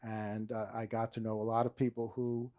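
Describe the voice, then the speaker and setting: A man's voice: lowish voice, completely flat delivery, normal speed, dark tone. A middle-aged man from New Jersey, an author and former prosecutor, talking in a stage interview with many restarts and dry humor.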